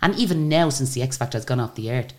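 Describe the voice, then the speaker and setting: Older woman, radio guest; low, expressive voice, animated storyteller who acts out each exchange. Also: fast. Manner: chatty, animated retelling of stories with quoted dialogue. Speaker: guest singer. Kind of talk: radio interview, anecdotal storytelling.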